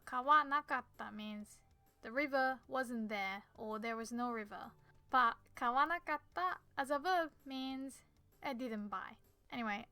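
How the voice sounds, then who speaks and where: A Japanese woman with a Japanese accent, a native Japanese speaker teaching a beginner language lesson, explaining patiently step by step and repeating words slowly. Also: high voice, pushed and bright, smooth, no room sound.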